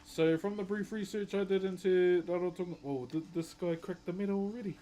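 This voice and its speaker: A man's voice: sits high, fairly even intonation, brisk, dark tone. A young man chatting casually on a live stream, laid-back and laughing often. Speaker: livestreamer and wood carver.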